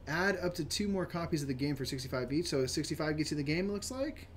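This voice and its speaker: A man co-hosting a casual live stream, rambling and reading items aloud with animated delivery. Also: a little high, quick pace, a little hiss or hum. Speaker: co-host.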